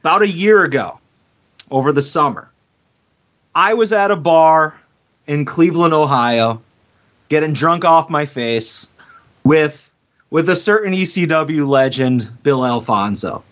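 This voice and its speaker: A man's voice: a little high, expressive, a little slow, pauses often, a bit bright. Rambling, laughing man on a lo-fi podcast. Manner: rambling storyteller, laughs between points. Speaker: podcast co-host. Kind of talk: casual chat.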